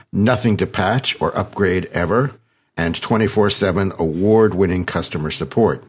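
A very deep man with a husky, slightly rough voice. He hosts a podcast with a loose, joking manner, poking fun at himself as he rambles. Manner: jokey, rambling, self-deprecating. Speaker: podcast host. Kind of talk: conversational podcast interview.

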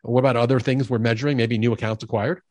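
A man's voice: mid-range voice, fairly even intonation, fast talker, darkish tone, dry recording. A middle-aged man guesting on a sales-leadership interview, talking energetically and emphatically, often acting out quoted dialogue. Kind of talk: conversational podcast interview.

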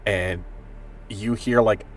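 Brief: player in a tabletop game, very low voice, loose filler-heavy describing, a bit far off mic with music. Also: male voice, fairly even intonation, slow pace. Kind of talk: tabletop role-play narration.

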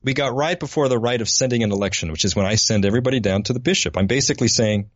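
Halting American man telling a story. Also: mid-range voice, dry recording. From United States. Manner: halting, repeats words often. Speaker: podcast co-host, parish catechist. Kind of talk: casual storytelling. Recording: dry, slightly dull lo-fi recording.

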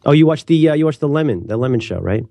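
Podcast co-host, man in his 30s, rapid rambling chat, dark mellow voice. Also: a little high, no room sound. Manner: rambling, self-interrupting, animated. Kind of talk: casual chat.

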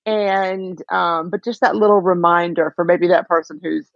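A woman co-hosting a podcast, telling a story in a chatty, animated way. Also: on the low side, normal speed, gravelly, dry recording, lo-fi sound. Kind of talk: casual chat.

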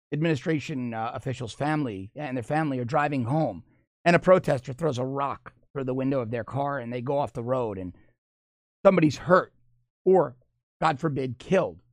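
A man delivering an opinion monologue as a political commentator, animated and mocking, often laughing as he talks. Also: mid-range voice, moderate pace, no echo, clean studio sound.

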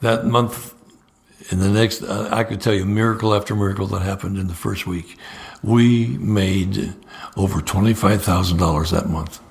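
An older evangelist, a guest on a podcast, tells stories at a normal speed with some vocal fry. He's a lively storyteller who often repeats the first word of a sentence and jumps up into high voices when quoting what others said.

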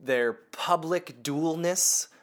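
Male podcast co-host, slightly high voice, profane and jokey. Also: extremely slow. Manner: profane, laughing, emphatic. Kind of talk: casual comedic chat.

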